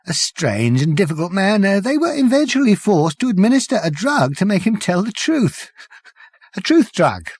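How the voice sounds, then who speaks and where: A man voicing a half-mad, weeping male space journalist who whimpers and whispers hoarsely. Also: high voice, sing-song, moderate pace, darkish tone, pitched above the performer's own voice, full character voice. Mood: tearful.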